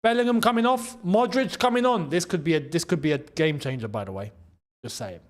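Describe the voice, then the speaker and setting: A man's voice: fairly high pitch, a little fast. A young man with a London accent hosting a live football watchalong, chatting casually, laughing often and reading out viewer messages. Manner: chatty, laughs often, reads out super chats. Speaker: watchalong host. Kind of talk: casual live match commentary.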